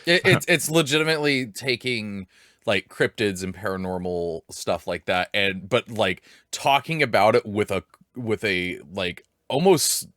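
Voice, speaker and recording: A man's voice: lowish voice, a little slow, a bit bright, no room sound, studio quality. A man hosting a casual panel discussion, laughing often and searching for words as he talks. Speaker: streaming show host.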